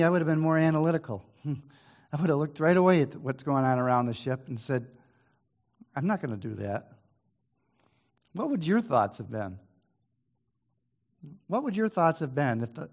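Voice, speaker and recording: A man leading an informal Bible study, reading scripture aloud and then talking it over in a plain conversational way, with hesitant restarts and the odd throat clearing. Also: on the high side, darkish tone. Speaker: Bible teacher.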